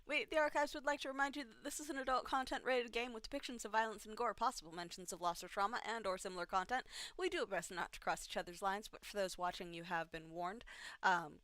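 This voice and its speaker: A woman's voice: medium pitch, quick pace, a bit bright, no room sound. A tired woman running a tabletop game livestream on a home mic, rambling and self-deprecating with many fillers. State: tired from little sleep. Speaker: game master. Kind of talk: livestream announcements and recap.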